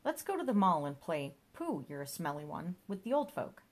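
A woman's voice: lowish voice, very animated, moderate pace. A woman voicing a meddling, smothering male monkey-boy companion in a storybook reading. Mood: bossy. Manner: fussy, smothering, bossy.

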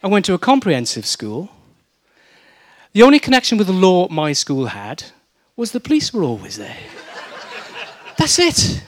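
Preaching at a moderate pace in a high voice, this middle-aged South Wales man has a Welsh accent. His sermon is lively storytelling, loaded with humor and mimicry.

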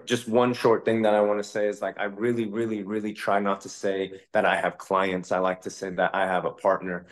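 Low-voiced man, candid realtor chatting. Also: level tone, fairly quick. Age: 30s. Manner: candid, conversational, occasional profanity. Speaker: realtor and podcast host. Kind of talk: casual interview answers.

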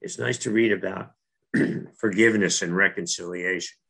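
Low-pitched, creaky and fairly bright, this man's voice has fairly even intonation and a moderate pace. He is a middle-aged New Jersey native telling a personal faith story casually and earnestly, with repeated words and frequent restarts.

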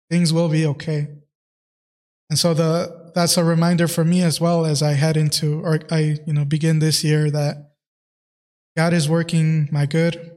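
A man with a slightly higher voice hosts his own podcast. He tells a personal faith story in a loose, earnest way, full of fillers and restarts. Long reverb trails behind his voice. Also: darkish tone. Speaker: podcast host. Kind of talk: casual faith reflection.

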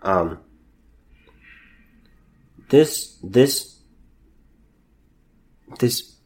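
A young man records a solo commentary podcast in a mid-range voice. He talks haltingly, restarting and repeating words, and he sounds indignant and close to tears. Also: mid-range voice, lively intonation. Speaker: podcast host.

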